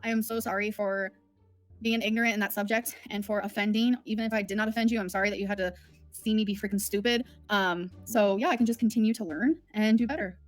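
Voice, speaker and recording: A woman's voice: mid-range voice, steady tone, quick pace, faint music behind. A woman hosting a livestream from home, talking in a candid, rambling, emotional way. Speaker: livestream host. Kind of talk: casual livestream chat.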